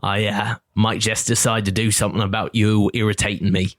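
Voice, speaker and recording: A man's voice: fairly low pitch, level tone, fairly quick, no room sound, studio quality, close to an everyday voice. A man voicing a shifty, disgruntled, bloodied blond man who dodges questions and makes veiled threats. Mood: sly threat. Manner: evasive, slyly threatening.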